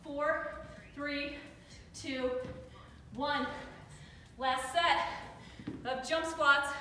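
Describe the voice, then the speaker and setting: A woman's voice: high voice, steady tone, drawn-out words, pushed and bright, a little hiss or hum. Breathless woman coaching a workout in an echoey room. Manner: upbeat encouraging cues, counting down reps. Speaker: fitness instructor. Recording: echoey room with reverb, mic far off.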